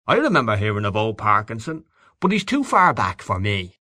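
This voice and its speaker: A man's voice: fairly low pitch, huge pitch swings, normal speed, pushed and bright, no room sound, studio quality, full character voice. A man reading aloud, voicing an older dinner guest who is defiant and familiar.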